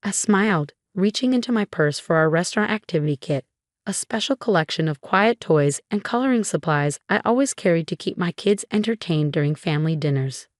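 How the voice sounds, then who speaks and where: A woman reading a scripted first-person story in a calm, steady way. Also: on the low side, fairly quick, no echo, studio quality. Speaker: narrator.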